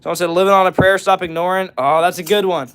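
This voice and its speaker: A young man hosts a casual livestream in a high, fairly bright, clean voice with little pitch movement and a quick pace. Laid-back, he reads chat comments aloud and answers them, breaking into short bits of songs.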